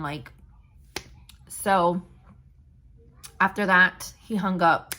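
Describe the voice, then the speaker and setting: A woman's voice: lowish voice, steady tone, takes it slowly, long pauses, sharp tone. A young woman vlogger candidly retelling a painful personal story, blunt and emotional.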